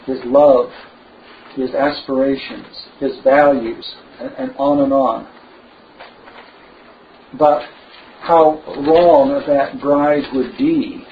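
A man preaching a sermon, slow and emphatic, with lively asides. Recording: dull low-fi recording with faint noise.

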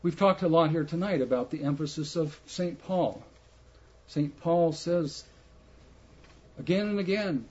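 A man preaching a sermon slowly and emphatically, putting rhetorical questions to his listeners. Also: a little high, a little mellow, breathy edge. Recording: muffled lo-fi recording.

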